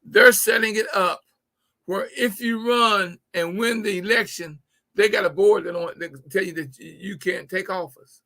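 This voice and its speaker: High, gravelly, emphatic male livestream host. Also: normal speed, pushed and bright. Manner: emphatic, repeats words, addresses viewers directly. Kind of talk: live-streamed political talk to viewers.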